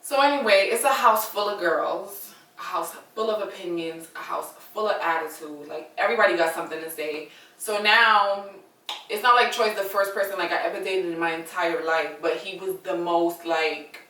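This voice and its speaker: Young woman, casual story time, bright voice, roomy echo. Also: lowish voice, recorded from a distance. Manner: chatty, dramatic, addresses viewers as y'all. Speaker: vlogger telling a story.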